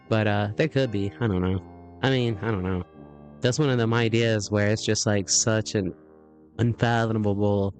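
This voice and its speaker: A man streaming a video game, rambling and joking in casual live chat, chuckling and clearing his throat often. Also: lowish voice, darkish tone.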